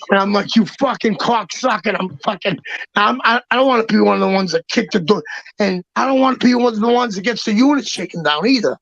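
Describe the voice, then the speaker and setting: A man telling rough personal stories in a loud, profane, emphatic way, often restarting his sentences. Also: high-pitched, fairly quick, no room sound. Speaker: guest. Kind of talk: casual storytelling. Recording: dull, dry lo-fi sound.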